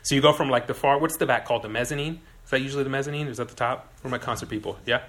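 A man preaching a sermon in a relaxed, conversational way, telling stories and putting questions to his listeners. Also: medium pitch, rapid-fire. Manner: conversational, animated storytelling with audience questions. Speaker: pastor.

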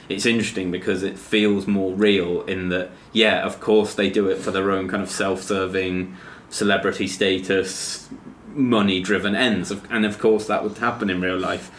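A man casually reviewing a TV series in a measured, hesitant way with many pauses and ums. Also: on the low side, a bit bright, roomy sound, a little hiss or hum. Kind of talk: casual chat.

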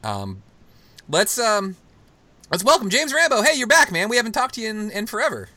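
A man hosting a casual podcast, talking at length and with strong feeling, swinging from excited outbursts to hushed, tender stretches. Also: high-pitched, moderate pace, dry recording. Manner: long-winded, emotional, swings from excited to hushed. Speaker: podcast host.

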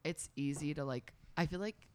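A woman's voice: sits low, normal speed, darkish tone, slight background noise. A woman in her thirties, reading oracle cards aloud and chatting casually, with many filler words. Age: 30s. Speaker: tarot and oracle card reader. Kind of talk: casual chat and card reading.

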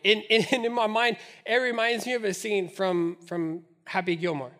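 A man preaching a sermon, lively, acting out the voices in the scripture he reads. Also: sits high, normal speed, hardly any pauses. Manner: animated, acts out scripture voices. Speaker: pastor.

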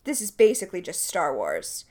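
A woman co-hosting a podcast, recapping a TV episode in a quick, chatty way with playful asides. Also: on the low side, wildly swooping pitch, dark tone. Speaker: podcast co-host. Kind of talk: casual chat recapping a TV episode.

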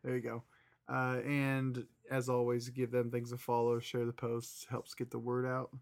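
Relaxed rambling male podcast co-host. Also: mid-range voice, moderate pace, creaky. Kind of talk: reading a listener story, then casual chat.

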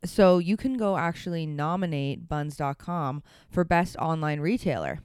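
A woman's voice: deep voice, moderate pace, a little mellow, clear, resonant tone, no room sound. Female co-host, chatty and laughing, dry close recording. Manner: chatty, laughs often, many fillers. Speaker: podcast co-host. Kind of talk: casual podcast chat.

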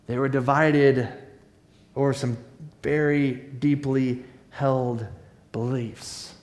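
Relaxed pastor preaching in an echoey room. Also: male voice, medium pitch, slow. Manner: casual storytelling with fillers and restarts. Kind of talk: sermon retelling a Bible story.

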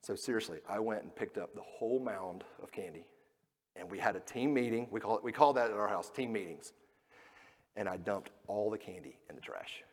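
Pastor preaching in a reverberant hall. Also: male voice, lowish voice, expressive, fairly quick. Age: middle-aged. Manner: storytelling, acting out quoted voices, swings between loud and hushed. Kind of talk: sermon.

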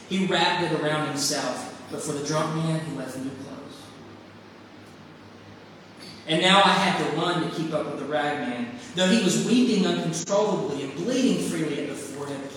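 Man, pastor, sermon, emphatic short phrases, high voice, far from mic, long church reverb. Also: a little hiss or hum. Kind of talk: sermon with story reading. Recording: echoey hall from far off.

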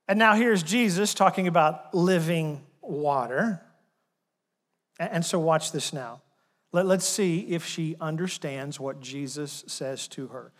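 A man preaching a sermon in church, animated, acting out the dialogue of the story. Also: sits high. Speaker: pastor. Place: church sanctuary. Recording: long hall reverb.

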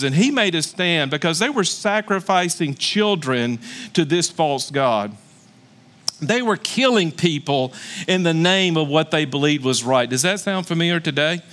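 A male pastor delivering a sermon, retelling a scripture story in an animated way and laughing at his own points. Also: fairly high pitch.

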